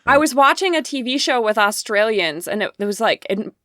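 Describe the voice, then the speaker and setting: A woman with a fairly high voice tells stories on a casual podcast, animated and exasperated in turn. Her sound is dry and close to the mic. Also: brisk, no echo. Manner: animated storytelling, exasperated asides. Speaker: podcast co-host. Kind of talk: casual chat.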